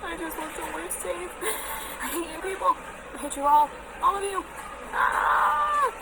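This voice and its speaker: A woman's voice: very high-pitched, very animated, a little slow, a loud crowd, heavy background noise. A woman recording herself venting in a profane, distraught way. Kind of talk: emotional self-recorded vlog rant.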